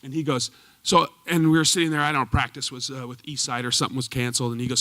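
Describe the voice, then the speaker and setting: A man telling lively, laughing stories about his old coach to a live audience, acting out the quotes. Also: mid-range voice, quick pace. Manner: animated, laughing, acts out quotes. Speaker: former goalkeeper telling stories at a tribute event. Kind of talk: storytelling speech to a live audience. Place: performance hall stage.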